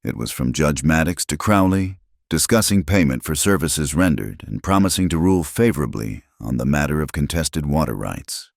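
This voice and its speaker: A man tells a scripted western story in a dramatic, measured way. His voice is extremely deep and moves with a lively rise and fall. The recording is close and dry. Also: creaky, no room sound. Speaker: narrator.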